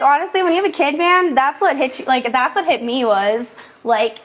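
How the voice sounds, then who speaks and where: Young woman host, winded from a workout, rambling chatty delivery, slightly high voice. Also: moderate pace, a bit bright. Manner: chatty, lots of "like" fillers. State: out of breath. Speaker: podcast host. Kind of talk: casual chat while working out.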